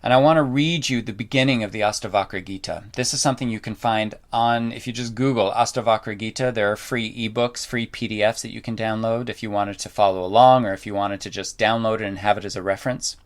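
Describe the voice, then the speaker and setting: A man's voice: on the low side, steady tone, fast talker, few pauses. A man telling a story in a casual, loose way, wandering into asides and dropping in mild swearing. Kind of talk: casual spoken storytelling talk.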